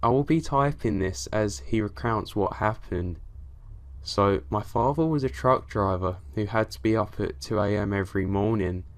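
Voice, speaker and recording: A man's voice: fairly low pitch, moderate pace. A man reading true scary stories aloud as a narrator, with dramatic delivery that rises in tense moments.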